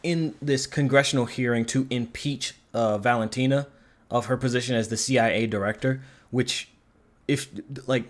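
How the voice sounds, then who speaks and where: A man giving a casual spoken film review, rambling and sarcastic, swearing casually. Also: mid-range voice. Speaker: movie reviewer.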